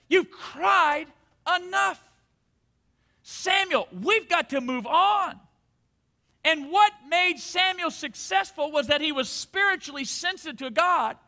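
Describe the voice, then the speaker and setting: With a very high-pitched voice that sounds pushed and bright, a man in his forties preaches a fervent sermon at a church service. As pastor, he calls on the congregation to repeat after him in call-and-response.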